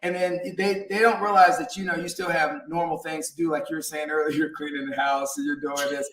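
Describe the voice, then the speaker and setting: A man's voice: fairly high pitch, level tone, brisk, a bit bright. A man hosting an interview show, talking in a rambling, casual way with lots of fillers and frequent laughs. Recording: roomy, distant from mic.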